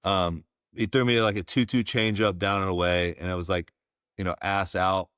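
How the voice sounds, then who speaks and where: A man in his forties, a former ballplayer, telling stories as a podcast guest in a relaxed, rambling way with plenty of fillers. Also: deep voice, moderate pace, smooth, no room sound. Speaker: guest, former pro baseball player. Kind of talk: casual storytelling interview.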